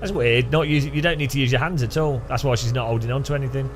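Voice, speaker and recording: A man's voice: mid-range voice, quick pace, background noise. A man giving rambling, jokey gameplay commentary, thinking aloud. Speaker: gaming channel host.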